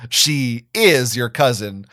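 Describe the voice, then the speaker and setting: A man's voice: mid-range voice, animated, slow, bright, forceful tone, dry recording, studio quality. A man voicing a wisecracking, sardonic teenage boy in a dramatic fan-fiction reading. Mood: teasing. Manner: teasing, sarcastic.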